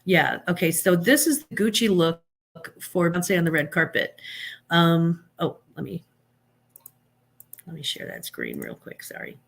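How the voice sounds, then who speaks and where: A woman's voice: lowish voice, very animated, a little slow, vocal fry, pauses often, husky. A woman hosting a live stream, giving blunt, sarcastic opinions in casual chat, with many fillers and restarts.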